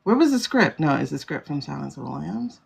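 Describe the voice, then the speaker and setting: A woman's voice: low voice, very animated, a little fast, vocal fry, breathy edge. A woman hosting a casual livestream, talking in a chatty, rambling way with frequent laughter. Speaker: livestream host.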